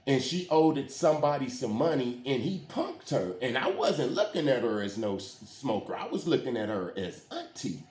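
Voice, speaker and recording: Man, casual storyteller, slangy street talk, animated pitch, echoey room. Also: moderate pace, few pauses. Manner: slangy street talk with frequent "you hear what I'm saying". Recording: roomy echo.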